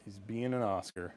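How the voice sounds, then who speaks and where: A man's voice: fairly low pitch, darkish tone, a little hiss or hum. A young man hosting a live-stream sale, chatting casually with easy laughs and rambling asides.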